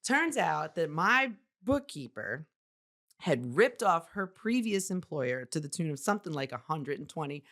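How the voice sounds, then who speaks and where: A woman co-hosting a casual podcast, telling a story. Her voice sits a little low, and she is animated, laughing often and acting out the people in it. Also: measured pace. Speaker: podcast co-host and business owner.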